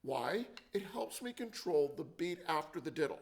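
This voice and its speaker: A man's voice: on the high side, lively intonation, normal speed, very noisy. A man teaching a percussion lesson, explaining and counting out drum rhythms. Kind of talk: instructional demonstration. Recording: loud drumming and clicks behind.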